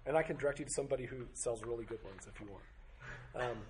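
A man's voice: medium pitch, fast, a little mellow. A man teaching a Bible study class, firing off strings of rhetorical questions with occasional joking asides. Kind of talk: teaching to a group.

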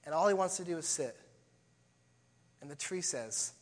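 An earnest male pastor in his thirties delivers a sermon. His voice sits high, and he moves between quiet, hushed lines and emphatic ones. A long hall reverb trails through the church sanctuary. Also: unhurried, pauses often.

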